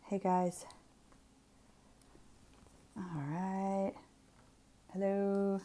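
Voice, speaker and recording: A woman's voice: medium pitch, mellow. A young woman chatting casually on a craft livestream. She jokes, laughs easily and greets viewers by name as they arrive. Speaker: co-host.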